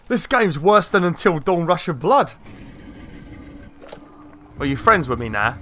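A man giving casual let's-play commentary, excitable, swearing a lot and chatting to the game's creatures. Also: on the high side, slow pace, long pauses, a little hiss or hum. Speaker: gaming channel host.

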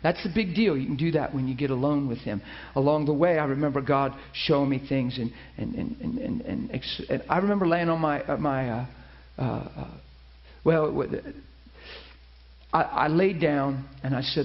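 A man's voice: fairly high pitch, normal speed. Dull-sounding man preaching a testimony. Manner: storytelling, animated quoting with many restarts. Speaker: pastor. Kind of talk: sermon testimony. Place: church.

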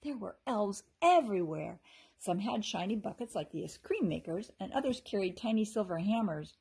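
A woman teacher reading a children's chapter book aloud with expressive, animated narration. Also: medium pitch, moderate pace, creaky, slightly rough. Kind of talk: storybook read-aloud.

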